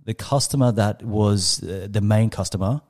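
A man's voice: fairly low pitch, moderate pace, a little mellow. A man in his thirties with an Australian accent, a guest on a podcast interview, telling a personal story with emphatic, dramatic pacing. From Western Australia. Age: 30s. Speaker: guest, startup coach.

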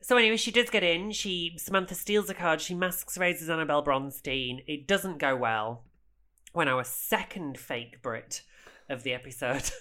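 A witty podcast co-host talking in casual chat, at a mid pitch for their voice. The delivery is animated and brisk, with quotes acted out in put-on voices. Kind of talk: casual chat reviewing a TV episode.

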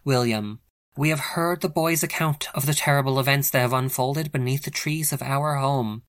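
A man's voice: mid-range voice, normal speed, fairly bright tone, lightly acted. A man voicing a female wolf pack leader who addresses her pack in grand, solemn speeches. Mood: commanding.

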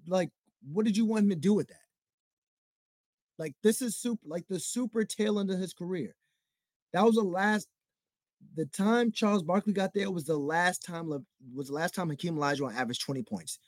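Heated rambling podcast host, fairly high voice. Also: male voice, a little mellow, no room sound. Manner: rambling, heated, repeats himself with lots of "like" and "bro". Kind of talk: solo sports talk rant.

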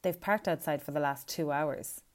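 A woman's voice: deep voice, moderate pace, natural voice. Woman putting on a grim scolding mother. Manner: blunt, scolding.

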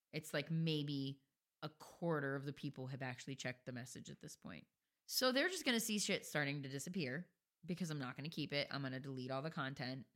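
A woman's voice: deep voice, a bit bright. A woman co-hosting a podcast in casual chat, blunt and chatty, swearing casually. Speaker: podcast co-host.

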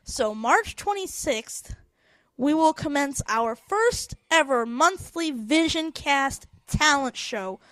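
A woman's voice: high voice, animated, takes it slowly, fairly bright tone, no echo. A woman hosting a casual group chat on a video call, bossy and teasing with her co-hosts. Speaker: podcast host.

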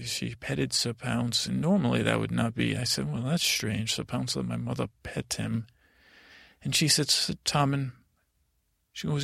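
A man's voice: medium pitch, creaky, a bit bright, no room sound, clean studio sound. A man narrating as a naive boy prince, rambling with fillers and restarts in improvised comedic storytelling.

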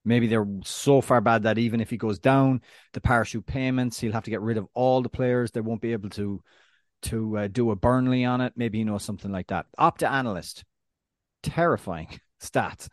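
Dry-voiced man, measured podcast talk. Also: medium pitch, no room sound. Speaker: podcast co-host. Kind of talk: casual football podcast chat.

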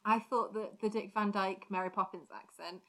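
A woman's voice: medium pitch, steady tone, moderate pace, poor audio. A young northern English woman co-hosting a podcast, rambling through casual chat. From Northern England. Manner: chatty, full of fillers and tangents. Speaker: podcast co-host.

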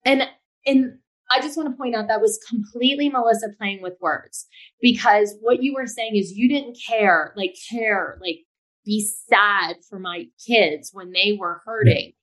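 A woman's voice: medium pitch, unhurried, a bit bright. Emphatic middle-aged woman co-host. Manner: emphatic and opinionated, breaks in to make her point. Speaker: podcast co-host. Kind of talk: casual podcast chat.

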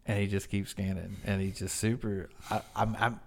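A man's voice: on the low side, little pitch movement, normal speed, creaky. A man co-hosting a podcast, telling a story in casual chat and breaking into laughter often. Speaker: podcast co-host.

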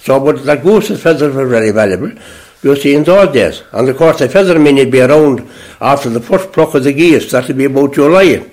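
An older man reminiscing in a rambling, conversational way about country life, often trailing off softly at the ends of phrases. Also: medium pitch, expressive, brisk. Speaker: interviewee recalling rural life.

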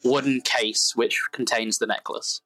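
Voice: medium pitch, fairly even intonation, a little slow, bright, forceful tone, faint music behind, low-quality recording. A game master narrating a tabletop game in a casual, meandering, self-deprecating way.

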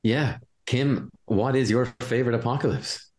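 A man's voice: mid-range voice, normal speed. A man co-hosting a podcast, chatting casually and hesitantly, often repeating words as he starts. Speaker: podcast co-host.

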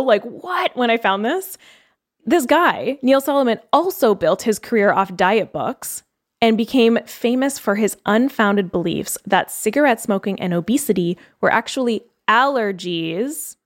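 A young woman co-hosting a chatty podcast. She talks quickly and with a lot of life in her voice, and she often breaks off to read quotes aloud before reacting to them. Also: mid-range voice. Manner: animated, fast-talking, reads quotes aloud. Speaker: podcast co-host. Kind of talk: casual podcast chat.

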